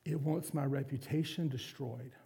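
A man's voice: medium pitch, steady tone, moderate pace, dark tone, slightly rough. A man preaching a sermon as a pastor, candid and confessional with self-deprecating humor.

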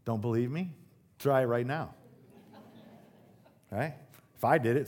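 A man's voice: medium pitch, unhurried, pauses often, a little mellow. A man preaching a sermon to a church congregation, conversational and joking, with sudden emphatic rises. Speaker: pastor. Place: church service.

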